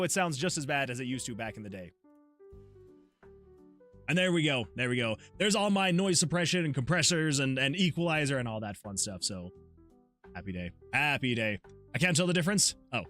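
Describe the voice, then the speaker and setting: A man's voice: a little high, a bit bright. A man, a solo game developer, chatting casually on his livestream, laughing often and reading chat messages aloud. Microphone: USB desktop mic.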